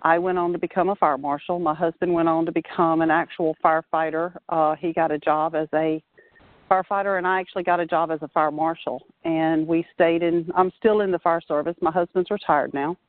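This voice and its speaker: A woman's voice: deep voice, brisk, no room sound. Woman in her forties on a tinny phone line. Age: 40s. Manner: steady, earnest storytelling. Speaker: guest, fire marshal. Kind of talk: casual phone interview. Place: outdoors at a playground.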